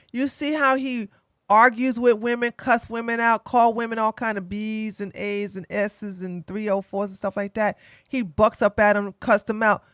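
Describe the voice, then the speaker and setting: A woman giving blunt, opinionated commentary as an online streamer, animated and fond of mocking impressions. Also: medium pitch, no room sound, clean studio sound.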